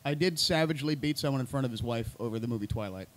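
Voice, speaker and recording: A man's voice: medium pitch, rapid-fire. A man trading profane, blunt banter and stories in a casual chat. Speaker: podcast co-host. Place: house.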